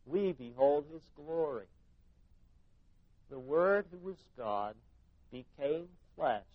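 A man preaching a sermon, sinking to hushed tones and then rising to loud, emphatic passages. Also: a little high, expressive, slow pace, pauses often, dry recording, muffled recording. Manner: dynamic preaching, drops to near-whispers and rises to loud emphasis. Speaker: pastor.

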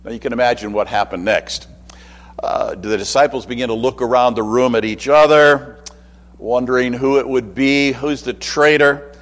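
Guy preaching in a big echoey hall, chatty, mid pitch. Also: steady tone, normal speed. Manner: conversational, with asides and acted quotes. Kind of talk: sermon.

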